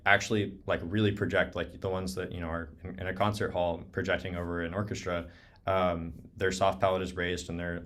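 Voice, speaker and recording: A young man giving a relaxed online clarinet lesson, talking casually with lots of "um" and "like". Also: low-pitched. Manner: relaxed, many fillers like "um" and "like". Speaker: clarinet teacher. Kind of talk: casual online clinic talk. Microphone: video call.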